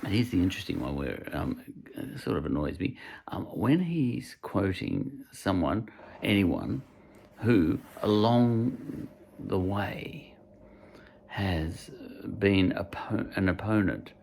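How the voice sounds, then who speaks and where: Irish guy doing a chatty book review, deep and a bit gravelly, wanders off and hunts for words. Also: expressive, slow pace, a little mellow, a little hiss or hum. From Ireland. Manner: rambling, hesitant, searches for words. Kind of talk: casual spoken review.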